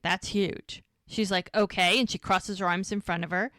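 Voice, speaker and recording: An American woman co-hosts a casual rewatch podcast, recapping scenes from episodes and acting out the dialogue. Her voice sits at medium pitch and is a bit bright, moving at a moderate pace. The studio-quality recording has no room sound.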